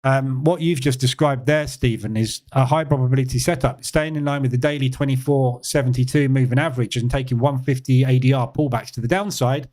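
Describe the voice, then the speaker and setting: A man hosting a live trading session, explaining in a relaxed, conversational way with fillers and emphatic repeats. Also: medium pitch, brisk, hardly any pauses. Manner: relaxed, conversational, answers chat questions; emphatic repetition with frequent fillers. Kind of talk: live-stream market commentary.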